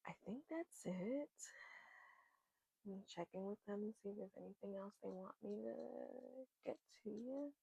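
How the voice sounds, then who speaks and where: A woman doing an oracle card reading, giving gentle, earnest encouragement that repeats its key words. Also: mid-range voice, moderate pace, creaky, husky, dry recording, low-quality recording. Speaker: spiritual card reader.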